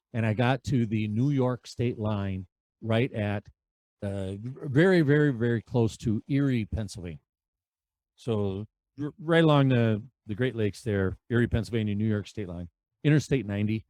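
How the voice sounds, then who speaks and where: A man in his fifties spins road stories as a podcast guest, animated and quick to act out what people said. His voice sits at an ordinary middle pitch. The sound is dry and close, with no room echo. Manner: animated storyteller who acts out dialogue. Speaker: podcast guest, veterans' charity rider. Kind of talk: conversational storytelling.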